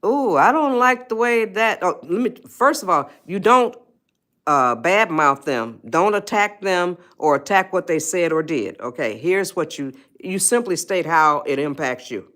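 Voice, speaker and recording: A woman's voice: sits low, lively intonation, a little slow, fairly bright tone. A woman hosting a motivational live stream, coaxing and repeating herself as she talks straight to viewers in the chat. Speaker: host of a self-help live stream.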